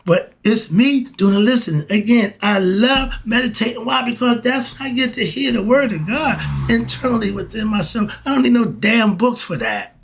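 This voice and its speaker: A man's voice: high voice, expressive, normal speed, few pauses, breathy edge, faint music behind. A middle-aged man in a casual spiritual monologue who talks straight to the listener and keeps asking and answering his own questions. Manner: preachy, repeats "why?" and "okay?", talks to listener directly. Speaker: podcast host.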